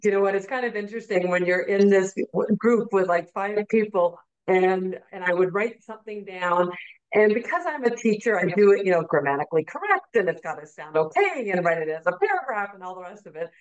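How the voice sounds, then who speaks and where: Woman teacher, relaxed guest speaker; lo-fi call audio. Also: mid-range voice, brisk. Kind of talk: casual chat.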